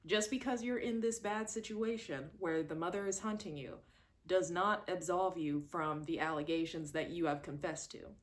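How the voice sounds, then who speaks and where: A woman with a lowish voice talks casually through a horror movie. She is animated and expressive and jumps into quoted voices to act out scenes. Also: normal speed. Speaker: movie reviewer. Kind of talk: casual chat.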